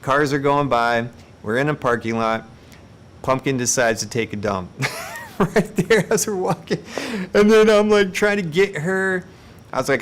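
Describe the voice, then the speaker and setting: Animated man telling funny stories live. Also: on the high side, a little slow, slight background noise. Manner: animated, self-mocking, laughs between lines. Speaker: live-stream host. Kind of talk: casual storytelling on a live stream.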